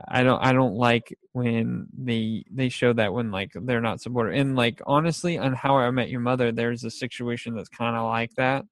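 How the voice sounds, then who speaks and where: A man's voice: medium pitch, fairly even intonation, moderate pace, hardly any pauses, no echo. A young man chatting casually about favorite TV shows, rambling and laughing often as he acts out scenes.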